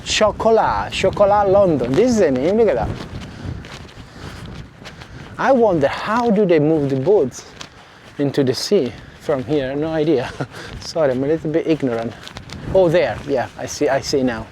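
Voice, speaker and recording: A man's voice: fairly high pitch, normal speed, pauses often, mellow, a little hiss or hum. A man with an Italian accent, walking and chatting casually to viewers by a seaside harbour, often correcting himself and apologising. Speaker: vlogger. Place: outdoors by a seaside village harbour and beach. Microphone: clip mic under a jacket.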